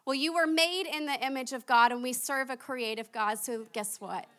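At a normal speed, a young woman with a lilt preaches in a lively, conversational style, laughing at herself over her own stories. Her voice is high-placed, bright and forward.

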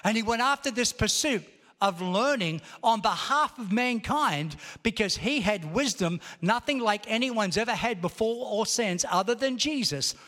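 A man's voice: sits high, animated, moderate pace, pushed and bright. A male pastor preaching a sermon, telling a story and building to emphatic calls to the congregation. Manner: storytelling, rising to emphatic exhortation. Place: large church auditorium. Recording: long hall reverb.

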